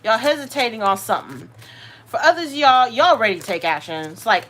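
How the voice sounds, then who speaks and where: A woman with a Southern US accent, hosting a live tarot reading. She talks in an animated, slangy way, straight to her viewers. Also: a little high, brisk. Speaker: tarot reader, channel host.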